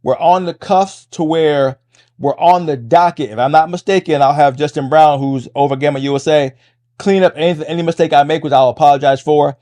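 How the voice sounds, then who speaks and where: A middle-aged man hosting a podcast, talking fast in a casual monologue, restarting phrases and tagging lines with "right?". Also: fairly high pitch, mellow. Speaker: podcast host and MMA coach.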